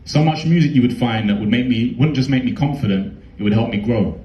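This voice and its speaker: A man's voice: medium pitch, brisk, roomy sound, lo-fi sound, a little hiss or hum. A young man with a London accent performing a heartfelt spoken word poem in a rhythmic, rhyming delivery.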